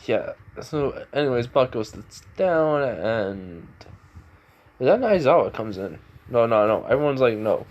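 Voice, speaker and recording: A man tells a fan story in a loose, rambling way, circling back and restarting his sentences often. His voice sits at an ordinary middle pitch, and the telling feels offhand and unscripted. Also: big pitch swings, measured pace, dull audio. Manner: rambling, full of fillers and restarts. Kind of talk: casual retelling of a fan story.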